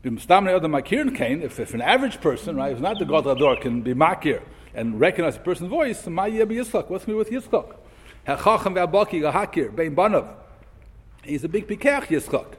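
A man gives a Torah lesson in a lively, rising and falling voice with a husky edge. He reads Hebrew sources aloud and then explains them in English, asking question after question. The sound carries a long echo, like a big hall. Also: on the high side, brisk. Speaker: Torah teacher. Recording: echoey hall.

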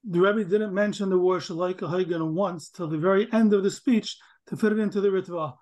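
High-pitched man, Talmud study partner, challenging and questioning. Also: a little fast, darkish tone.

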